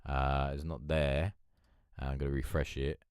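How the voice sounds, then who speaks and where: A man's voice: rumbling low, level tone, moderate pace, a little mellow, clean tone, no room sound, studio quality. A young man hosting a casual live stream, telling a rambling story full of swearing and fillers. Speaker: livestream host.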